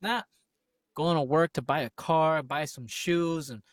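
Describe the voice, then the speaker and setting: A man in casual podcast chat, animated and swearing freely, repeating phrases for emphasis. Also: on the high side, a little slow, no room sound. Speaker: podcast co-host.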